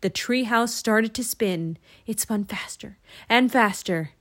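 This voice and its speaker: A woman narrating a children's storybook in an expressive, lilting way. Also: a little high, slow. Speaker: audiobook narrator.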